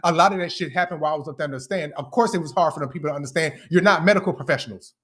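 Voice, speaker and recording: Talking very fast in a slightly high, somewhat bright voice, a young livestreamer hits back at his critics. The rant is furious, full of profanity and confrontation.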